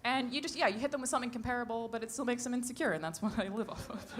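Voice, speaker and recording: A woman's voice: a little high, very fast, noisy background. A woman doing a stand-up comedy set on stage into a handheld mic, brash and profane, laughing at her own jokes. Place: comedy stage before a live audience.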